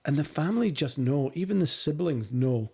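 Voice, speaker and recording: A man's voice: a little high, lively intonation, moderate pace, vocal fry, darkish tone, slightly rough. A man co-hosting a casual film-review podcast, eagerly retelling the plot with stumbling restarts. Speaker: podcast co-host.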